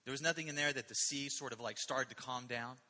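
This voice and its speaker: A male pastor preaching a sermon in an animated, emphatic way, often asking the listeners questions. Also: medium pitch, quick pace, big-room sound.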